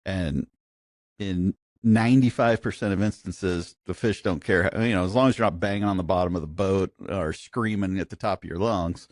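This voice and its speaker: A man's voice: low voice, normal speed, no echo, clean studio sound. A man co-hosting a casual podcast chat, telling funny anecdotes with frequent laughs. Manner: anecdotal, laughing, animated storyteller. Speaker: podcast co-host.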